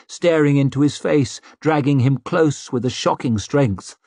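A man narrating an audiobook in a measured storytelling manner, voice slightly husky. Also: fairly high pitch, a little mellow, no room sound. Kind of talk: scripted narration.

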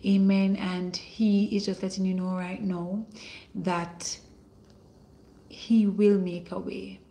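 A woman's voice: medium pitch, little pitch movement. A woman running a ministry livestream, blessing viewers by name and declaring miracles. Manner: slow and warm, calling out viewers' names and blessing them; preachy, prophetic declarations. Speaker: online minister hosting a livestream. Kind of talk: livestream greetings and prayer.

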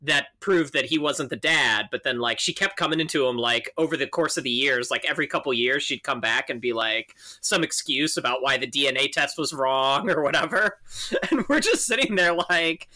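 Male podcast co-host, easygoing storyteller, bright and forward tone. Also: medium pitch, moderate pace. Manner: relaxed anecdote teller, laughs easily. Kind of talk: casual chat.

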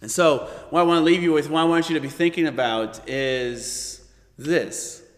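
Man, Bible study teacher, lively, keeps asking "right?", fairly high voice, long echo. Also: normal speed. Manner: animated, acts out quoted voices, frequent "right?".

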